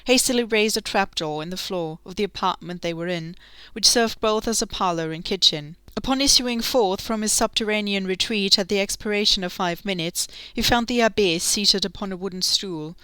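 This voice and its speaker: A woman narrating a classic novel as an audiobook, steady and clearly enunciated. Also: medium pitch, no echo.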